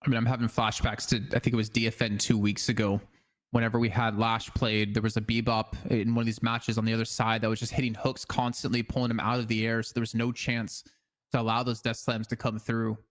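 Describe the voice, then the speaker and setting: A man's voice: mid-range voice, level tone, a little fast. A man co-casting an esports match, giving casual analysis full of hedges like "I mean.". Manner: casual, hedging with fillers like "I mean". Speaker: esports co-caster.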